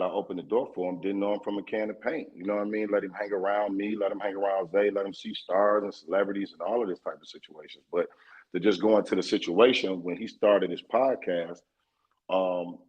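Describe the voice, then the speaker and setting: A man with a husky, slightly raspy voice tells his side of a story as a podcast guest. He talks loosely and profanely and circles back with lots of fillers. The recording sounds dull and lo-fi. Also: lowish voice.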